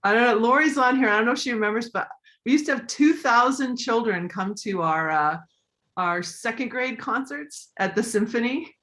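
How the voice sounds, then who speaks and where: Woman coaching people on their voice in a live online session, lively, acts out little voices as examples. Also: a little high, moderate pace. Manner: animated, acts out voices as she demonstrates. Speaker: voice and communication coach. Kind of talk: live online talk giving tips.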